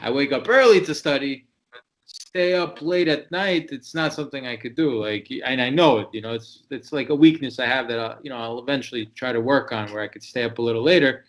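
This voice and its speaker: Chatty guy, tons of "like" and "you know", middle pitch, just rambling along. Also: brisk, poor audio. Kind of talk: casual discussion.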